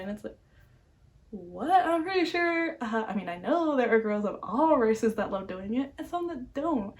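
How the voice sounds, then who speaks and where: A woman's voice: on the high side, animated, moderate pace. A young woman, talking candidly to camera in a casual vlog, with lots of filler words. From Vietnam, adopted to the United States. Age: young adult. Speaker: vlogger.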